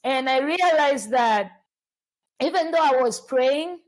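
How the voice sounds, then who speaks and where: A woman from Tanzania hosting a casual podcast chat, animated and laughing often, restarting her sentences with repeated words. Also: sits high, takes it slowly, rough recording. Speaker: podcast host.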